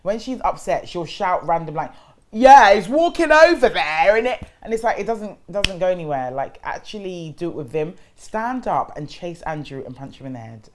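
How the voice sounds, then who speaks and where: A woman's voice: on the low side, expressive, normal speed, hardly any pauses. A young woman giving a blunt, sassy, slangy recap of a reality show as a vlogger.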